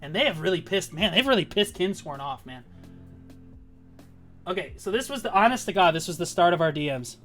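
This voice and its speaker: A man's voice: high-pitched, lively intonation, a little fast, a bit bright, soft background music. A man talking casually on a livestream as a guild leader, rambling and swearing as he tells boastful stories. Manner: profane, rambling, boastful storytelling.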